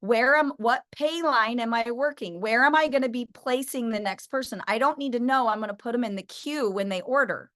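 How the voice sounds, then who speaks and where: Brief: middle-aged woman, sales trainer, lively storyteller, slightly high voice. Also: brisk, hardly any pauses. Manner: animated storytelling, acting out phone calls. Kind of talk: energetic training talk.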